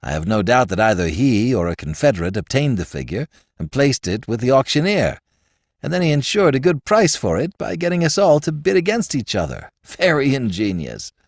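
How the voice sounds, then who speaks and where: A man's voice: mid-range voice, very animated, fairly quick, dry recording, studio quality. A man playing pedantic Professor Binstead. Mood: calmly admiring. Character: genial older male professor, calm and pedantic.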